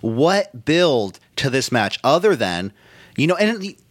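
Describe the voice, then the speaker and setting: A man's voice: mid-range voice, sing-song, unhurried, no room sound. A man co-hosting a casual wrestling podcast, recapping matches play by play in a loose, profane way. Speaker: podcast co-host.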